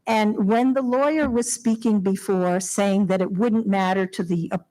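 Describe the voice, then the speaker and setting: An older woman from Long Island stands at a podium microphone in a town hall and pleads with the board. Her delivery is heartfelt and emotional, broken by nervous little laughs, in a voice of middling pitch. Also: fairly even intonation, moderate pace, dark tone. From Long Island, New York. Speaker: resident speaking at public hearing. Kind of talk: public comment at town meeting. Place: town hall meeting room.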